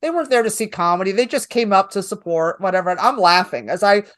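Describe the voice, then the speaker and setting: A woman's voice: mid-range voice, expressive, fast talker, a bit bright. A woman comedian with a New York accent telling a story in a casual interview, blunt and profane, voicing her own lines with energy. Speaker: stand-up comedian guest.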